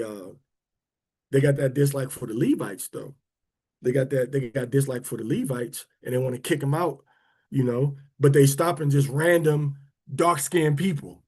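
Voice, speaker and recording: With a medium-pitched, mellow and breathy voice, the man leading the prayer and teaching stream chats loosely with his online audience. He restarts frequently and drawls certain words for emphasis.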